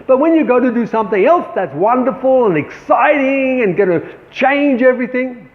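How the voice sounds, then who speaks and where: A man's voice: very high voice, lively intonation, moderate pace. A man, a painter, giving an encouraging motivational talk to fellow artists, calling them friends. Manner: encouraging, addresses viewers as friends. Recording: echoey, tinny phone-like sound.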